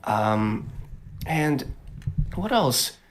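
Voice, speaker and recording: A man's voice: mid-range voice, sing-song, slight background noise. A young man, a voice actor guest, talking casually with many fillers and restarts. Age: young adult. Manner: halting, lots of fillers and restarts. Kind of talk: casual podcast chat.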